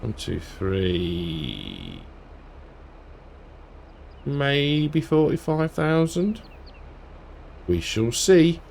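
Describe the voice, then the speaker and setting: Casting note: male gamer, low voice, unhurried, muttering through a farming session over faint engine hum. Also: vocal fry. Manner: relaxed, thinks aloud, chuckles to himself. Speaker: game streamer. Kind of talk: casual let's-play commentary.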